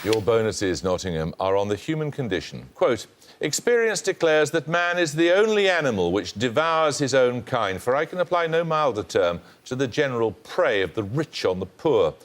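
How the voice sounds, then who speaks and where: A man hosting a quiz show, reading questions and introductions in a brisk, precise, authoritative manner. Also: medium pitch, lively intonation.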